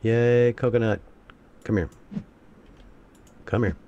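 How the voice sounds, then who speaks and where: A man's voice: medium pitch, fairly even intonation, slow, highs cut off. A man giving let's-play commentary, talking to himself and bursting into exasperated curses.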